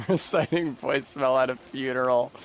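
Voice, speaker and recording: A man live-streaming a video game, chatting casually with his viewers and swearing freely between quick asides. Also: medium pitch, a little hiss or hum.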